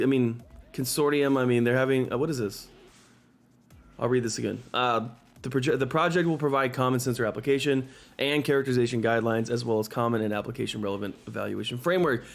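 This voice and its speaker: A man hosting a live stock market stream, talking excitedly and in exasperation, repeating himself and swearing into a desk microphone. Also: mid-range voice. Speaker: stock market livestream host.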